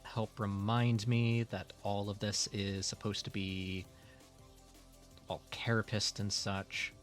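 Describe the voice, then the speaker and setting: A man's voice: lowish voice, little pitch movement, takes it slowly, soft background music. A man chatting casually while drawing on a livestream, rambling with lots of fillers and laughing often. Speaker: streamer and artist.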